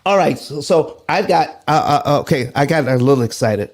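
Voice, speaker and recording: A man with a fairly high voice hosts a live finance show. His pitch swings widely as he rallies viewers and reads their comments aloud. He often repeats himself while he works through the numbers. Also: lively intonation, moderate pace, noisy background. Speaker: host.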